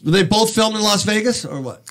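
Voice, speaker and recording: A man's voice: high voice, moderate pace, fairly bright tone. A man hosting a radio talk show, firing off eager questions to his guest. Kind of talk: casual radio chat.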